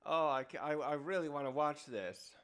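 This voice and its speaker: A man putting on a sadistic villain who gloats over others' suffering. The voice sits a little high and is mocking and relishing. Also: lively intonation, normal speed, clean tone, natural voice. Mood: gloating.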